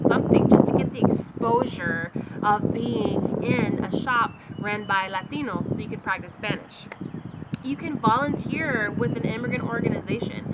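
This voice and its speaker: Upbeat woman teacher, vehicle noise behind. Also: fairly high pitch. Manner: energetic, often checks in with "okay?". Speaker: Spanish teacher. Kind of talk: casual teaching monologue.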